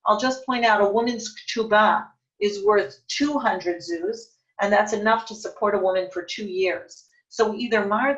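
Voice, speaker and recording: A woman's voice: medium pitch, fairly bright tone, lo-fi sound. Woman teaching Talmud, thinking aloud. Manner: thinks aloud, self-correcting with fillers and restarts. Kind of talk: text study lesson, reading and translating aloud.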